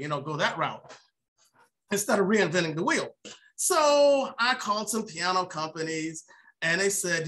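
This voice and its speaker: A middle-aged man tells a story in an interview with a bright, forward voice. He is lively and laughs often, and he acts out the voices of the people he quotes. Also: high-pitched. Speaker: piano maker and inventor.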